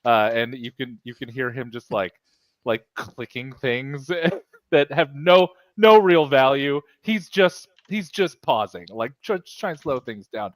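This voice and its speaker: A man's voice: medium pitch, unhurried, dry recording. A man playing a tabletop role-playing game, rambling and stalling in character for comic effect. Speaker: player.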